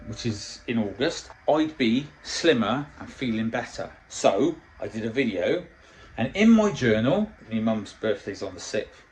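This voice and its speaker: A man's voice: medium pitch, low-quality recording. A middle-aged man coaching on dieting in a casual vlog, blunt and swearing constantly as he tells stories. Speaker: diet coach.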